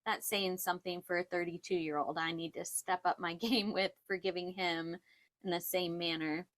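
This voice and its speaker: A woman's voice: on the low side, steady tone, moderate pace, a bit bright. A woman in her thirties co-hosting a casual faith-based chat, earnest and reflective, often laughing. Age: 30s. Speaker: podcast co-host.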